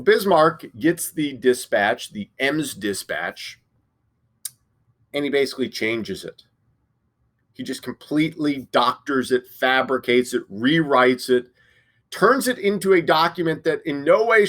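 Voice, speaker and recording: A man's voice: fairly high pitch, fairly bright tone. A male history teacher giving a casual classroom lecture, full of fillers and restarts.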